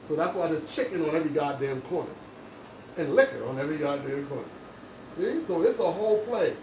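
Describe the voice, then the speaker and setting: A man's voice: on the high side, lively intonation, brisk, a little mellow, distant mic. A man talking casually while he works as a barber, speaking in an emphatic, lecturing monologue. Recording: echoey room with background noise.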